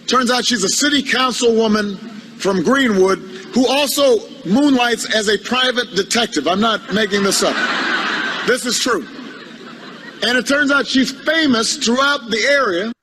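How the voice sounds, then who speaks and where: A politician delivers a humorous anecdote in a high, bright voice. He speaks haltingly and doubles up words as he goes. His tone stays wry throughout. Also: slight background noise, poor audio. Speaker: politician giving a speech.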